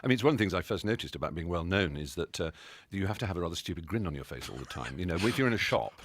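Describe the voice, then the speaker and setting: A man's voice: low voice, very fast. A man with an English accent being interviewed, talking fluently and telling stories with lots of restarts. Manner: fluent, articulate, animated storytelling with many restarts. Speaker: interview guest. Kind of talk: conversational interview.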